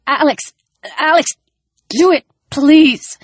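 A woman's voice: high-pitched, slow pace, no room sound, pitched above the performer's own voice. Breathless stammering hurt guy as a lady reader puts him on, pleading, raised voice, dry close sound. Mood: desperate. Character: wounded feverish young man, desperate and gasping.

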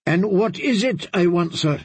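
A poised, scheming princess speaks with calm persuasion, as a male narrator puts her on. Her voice is raised well above his own, slow and slightly husky. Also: high voice, no room sound, voice pushed up, exaggerated voice. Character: proud, scheming young princess.

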